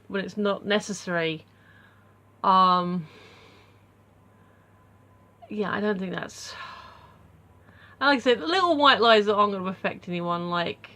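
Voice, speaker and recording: A woman's voice: mid-range voice, a bit bright. A woman talking casually to camera at home in a vlog, rambling through her thoughts with lots of fillers and restarts. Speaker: vlogger.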